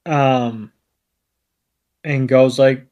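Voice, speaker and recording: Laid-back man recapping slowly. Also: medium pitch, steady tone, darkish tone. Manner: laid-back, lots of ums and you-knows. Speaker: podcast co-host. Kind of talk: casual episode recap.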